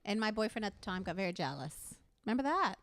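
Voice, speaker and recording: A woman hosting a casual live show, bubbly and quick to laugh. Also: mid-range voice, big pitch swings, a bit bright. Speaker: host. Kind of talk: casual chat on a live stream.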